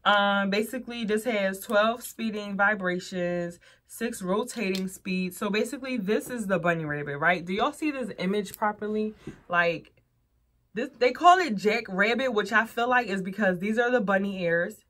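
This is a casual to-camera chat from a young female vlogger reviewing adult toys, who speaks frankly and calls her viewers y'all. Her pitch is medium, her tone a bit bright, her pace moderate.

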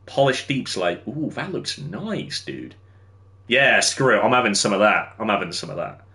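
A man's voice: fairly low pitch, very animated, moderate pace, pushed and bright. A young man streaming a game, chatting with viewers while he builds and laughing easily. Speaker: livestreamer. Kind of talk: casual gameplay commentary.

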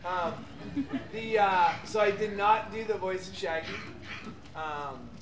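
A middle-aged man telling lively, rambling stories as a guest on a convention panel. He laughs often and fills his pauses with "um" and "like.". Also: high-pitched, a crowd in the background. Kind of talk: animated panel storytelling. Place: large convention hall. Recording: echoey, distant, noisy convention hall.

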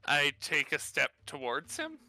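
A man's voice: a little high, huge pitch swings, measured pace, sharp tone, no room sound, faint music behind. A man playing a tabletop role-playing game, giving short, direct turns. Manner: brief, direct player turns. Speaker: player.

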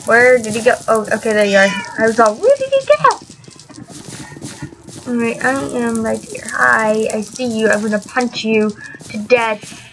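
A woman's voice: on the high side, slight background noise, rough recording. A young woman hosting a gaming channel, giving live gameplay commentary, often frustrated, swearing, and laughing at herself.

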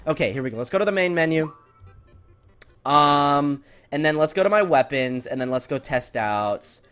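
Excitable high-voiced man gaming. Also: normal speed, clear, resonant tone, soft background music. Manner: excitable, shouts and repeats himself when hyped. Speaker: gaming video creator. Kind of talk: live gameplay commentary.

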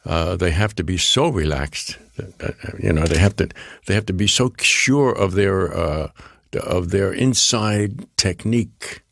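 An older man with a Bronx accent, his voice very low and gravelly. He tells rambling anecdotes as an interview guest, slipping into the voices of the people he quotes. The recording is close and dry. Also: lively intonation, a little slow, a bit bright, no echo. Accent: New York Bronx. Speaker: guest actor. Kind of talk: storytelling interview.

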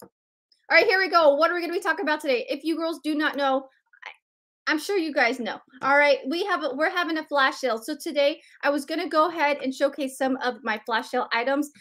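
A woman's voice: sits high, a little fast, fairly bright tone. A woman hosting a live sales stream, greeting viewers by name in a bubbly, chatty way.

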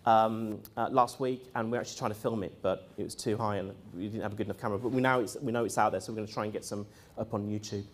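A man's voice: fairly low pitch, very fast, hardly any pauses, a little hiss or hum. Guy rambling through a story, lots of ums, does voices for people. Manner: rambling, lively, quotes others in voices, frequent fillers. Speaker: speaker recounting experiences. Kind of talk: casual storytelling talk.

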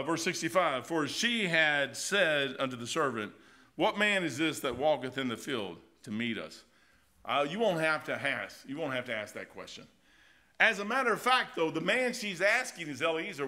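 A middle-aged man, preaching a sermon in a folksy, animated way, swinging between loud swells and quiet drops. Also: medium pitch. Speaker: pastor.

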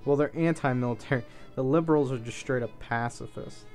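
Casual male let's-play host, mid-pitched, offhand, thinking aloud, faint music under him. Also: fairly quick, a little mellow. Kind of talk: casual gameplay commentary.

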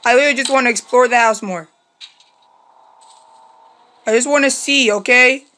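High, bright young woman screaming through a horror game. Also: normal speed. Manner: jumpy, screams and shrieks at scares, then mutters quietly to herself. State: strained voice from screaming. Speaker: gaming YouTuber. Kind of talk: horror game let's play commentary.

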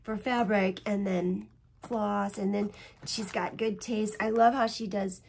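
A woman's voice: mid-range voice, fairly even intonation, measured pace, vocal fry, darkish tone, slight background noise. A middle-aged woman vlogging casually from home about cross-stitch, rambling and chatty, restarting and correcting herself often. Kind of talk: casual chat.

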